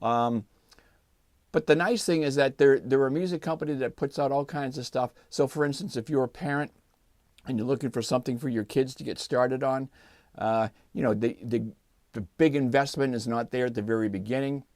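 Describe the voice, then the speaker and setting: An older man hosting his channel, giving a relaxed, chatty review and demo of a guitar and explaining as he goes. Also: medium pitch, moderate pace, no room sound, clean studio sound. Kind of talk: casual product review and demo.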